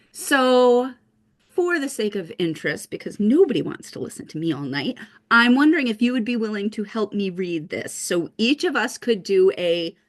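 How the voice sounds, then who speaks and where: A woman teaching a casual online writing lesson on a video call, upbeat and reassuring, explaining step by step. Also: medium pitch.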